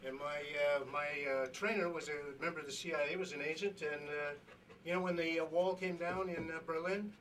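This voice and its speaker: A man's voice: fairly high pitch, fairly even intonation, fairly quick, a bit bright, distant mic, a little hiss or hum, natural voice, rough recording. A man voicing a bragging talking dog in a joke he tells on radio, in a plain everyday voice. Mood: boastful. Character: boastful talking dog, ex-spy, male.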